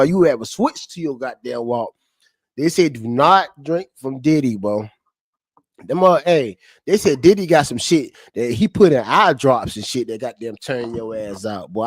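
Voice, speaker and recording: A man streaming to his chat, reading court testimony in a flat voice and then breaking into slangy, profane, laughing commentary. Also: medium pitch, dry recording, clean studio sound. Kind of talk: casual livestream commentary.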